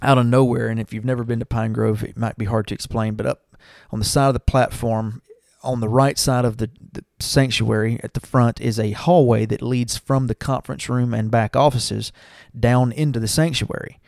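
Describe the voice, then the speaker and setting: A man's voice: mid-range voice, fairly even intonation, normal speed, creaky, a little mellow, no room sound, studio quality. A young man, earnestly telling his church testimony and talking to listeners as y'all. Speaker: church member giving testimony. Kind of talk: personal testimony.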